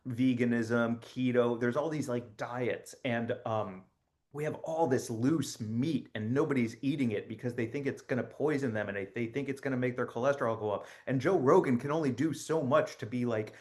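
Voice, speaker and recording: A man playing a chipper, rambling spokesman for a spy agency in a satirical comedy monologue, offhand and deadpan with many fillers. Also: medium pitch, lightly acted.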